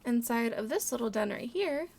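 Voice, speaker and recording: A bright, high-pitched woman chatters through casual gameplay commentary with a bubbly, giggly manner. She coos fondly over the animals as she walks her viewers around. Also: lively intonation, normal speed, vocal fry. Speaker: let's play host.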